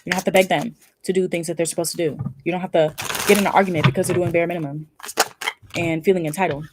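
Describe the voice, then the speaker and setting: A woman's voice: lowish voice, steady tone, quick pace, background noise. A woman giving a casual pick-a-card tarot reading, effusive and emphatic, with casual swearing. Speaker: tarot reader.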